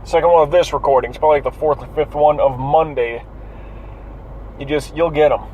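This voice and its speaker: A man's voice: a little high, fairly even intonation, brisk, dark tone, dull audio. A tired man rambling to himself while driving, cursing at traffic in a casual, profane monologue from inside his car. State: yawning and tired. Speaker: vlogger.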